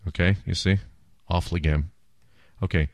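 A man's voice: low voice, fairly even intonation, moderate pace. A man hosting a casual beer podcast, enthusiastic and self-mocking as he chats and jokes. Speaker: podcast host.

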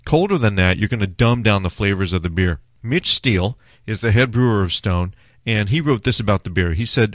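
A man's voice: low-pitched, a little fast, dry recording, studio quality. A man hosting a food and beer show, chatting casually through a beer tasting with many filler words. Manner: chatty, relaxed, with frequent "uh" fillers.

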